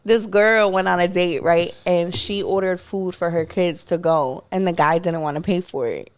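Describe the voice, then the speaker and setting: A woman's voice: on the low side, moderate pace, clear, resonant tone. A woman co-hosting a podcast in casual chat, frank and teasing, with crude talk. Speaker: podcast co-host.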